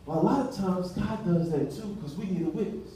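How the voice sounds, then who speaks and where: A pastor's high, warm voice fills a church hall as he delivers a relaxed, everyday-language sermon, acting out dialogue. He talks a little fast. The room is echoey and the mic is distant, with slight background noise.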